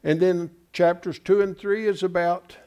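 A man's voice: sits high, fairly even intonation, normal speed, a little mellow, clean tone, dull audio. A pastor preaching in an emphatic, folksy way, asking his congregation rhetorical questions. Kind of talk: sermon.

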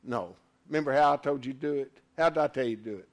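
A man preaching a sermon, fervent, swinging from loud exclamations to quiet asides. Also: on the high side, fast.

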